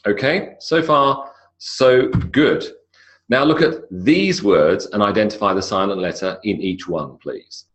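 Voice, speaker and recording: A low-pitched Australian man lecturing on English pronunciation. He explains at an easy pace, pausing with fillers and correcting himself as he goes. The delivery sounds like a recorded online class. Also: lively intonation.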